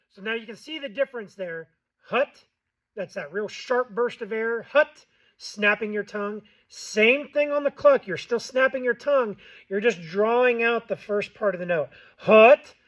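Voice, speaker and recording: A man's voice: high voice, normal speed, a bit bright, dull audio. A man giving a casual how-to tutorial on goose calling, plainspoken and loose, repeating himself with fillers. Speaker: goose call instructor.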